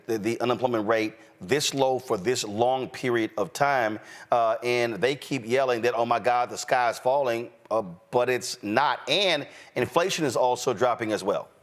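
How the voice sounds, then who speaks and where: A man hosting a news commentary show, talking in an emphatic, conversational way. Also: mid-range voice. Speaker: host.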